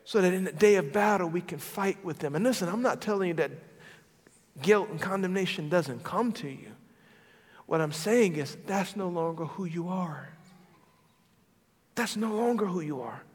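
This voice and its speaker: A male pastor with a high, bright voice delivers a sermon in a big hall whose long echo trails after each phrase. He swings from forceful declarations down to soft, hushed appeals. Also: moderate pace, long pauses, slightly rough. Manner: dynamic preaching, swinging from loud to hushed.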